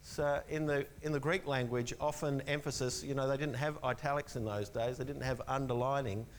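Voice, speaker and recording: A man preaching with earnest emphasis, often repeating his key phrases and sinking into a soft, low voice to land them. His pitch sits in an ordinary middle range. A faint hum runs beneath the recording. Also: fairly even intonation, brisk, low-quality recording. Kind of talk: sermon.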